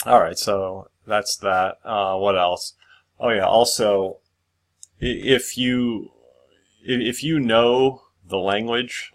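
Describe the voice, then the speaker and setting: Deep-voiced man rambling through a tutorial. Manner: rambling, full of fillers and restarts. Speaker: screenwriting tutor. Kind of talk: casual screen-share tutorial.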